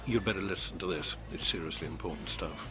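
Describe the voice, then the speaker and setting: Wry deep-voiced narrator. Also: male voice, fast talker. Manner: wry, dry humor. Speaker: documentary narrator. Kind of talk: scripted narration. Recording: narration over background music.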